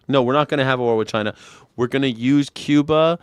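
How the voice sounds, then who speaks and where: A man's voice: mid-range voice, fast talker, smooth, no room sound, clean studio sound. A man hosting a live news reaction show, talking bluntly and sarcastically, with frequent swearing. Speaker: host.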